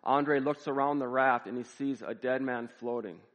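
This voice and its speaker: A male pastor telling a story in a sermon, with measured, dramatic repetition. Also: mid-range voice, fairly even intonation, big-room sound.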